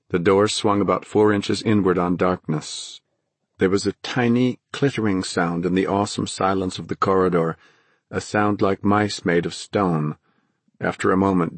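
A man narrating a fantasy audiobook in a measured, dramatic storytelling manner. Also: sits low, husky, no echo.

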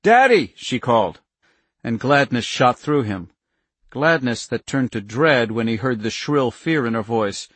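A man narrating an audiobook in a steady, measured way on a close mic. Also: mid-range voice, no echo.

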